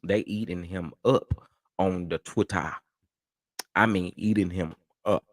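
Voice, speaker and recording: A man with a lowish voice hosts a casual livestream commentary. He talks in a chatty, dismissive way, laughing between remarks, and the sound is dry and close. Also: steady tone, takes it slowly, no echo. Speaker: host of a commentary channel.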